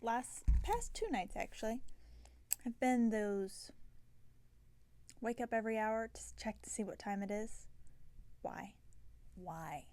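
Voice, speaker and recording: A tired woman hosting a knitting podcast, chatting casually and rambling, with soft half-whispered asides. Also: on the high side, expressive, a little slow, pauses often. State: tired and yawning. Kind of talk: casual chat. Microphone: self-filmed camera.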